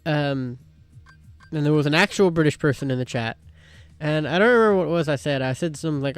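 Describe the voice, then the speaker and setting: Dry, teasing woman with a low voice. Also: fairly quick, clear, resonant tone, soft background music. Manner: dry, teasing, mock-grumpy. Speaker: guest co-player. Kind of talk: casual chat during a game stream.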